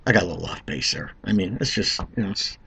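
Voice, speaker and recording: A man's voice: deep voice, fast, vocal fry, bright, forceful tone, breathy edge. A man of Italian heritage giving a rambling, sarcastic political commentary monologue, talking straight to the listener.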